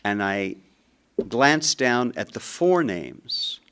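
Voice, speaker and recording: An older man telling a personal story, animated and acting out his own rising anger. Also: mid-range voice, very slow, slight background noise. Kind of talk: storytelling talk.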